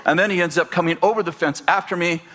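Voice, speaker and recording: A man preaching a sermon, animated and joking as he tells stories to his congregation. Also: sits high, fast talker. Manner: animated, storytelling with humor and asides. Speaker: pastor.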